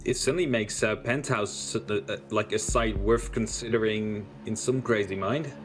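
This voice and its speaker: A man's voice: lowish voice, normal speed, over music. A man casting a live esports match, chatty and self-deprecating, working through tactical analysis. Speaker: esports caster.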